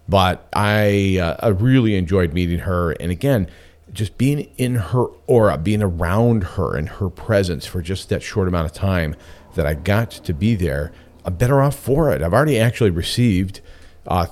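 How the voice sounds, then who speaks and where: Male radio host, very low voice, chatty and candid. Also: darkish tone. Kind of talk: casual radio talk.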